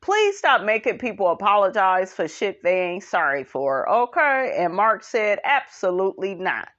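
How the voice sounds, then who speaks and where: Sassy lively woman recapping reality TV. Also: normal speed, lo-fi sound. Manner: sassy, animated, sprinkles 'honey' and 'okay'; breaks into high laughing impressions. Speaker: reality show recap host. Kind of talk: casual commentary recap.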